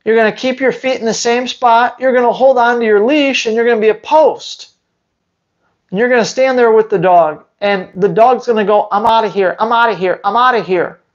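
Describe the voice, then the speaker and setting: A man's voice: very high-pitched, moderate pace, muffled recording. A man who trains dogs, answering viewer questions on a live stream in a blunt, emphatic way and hammering his points home by repeating them. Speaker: dog trainer.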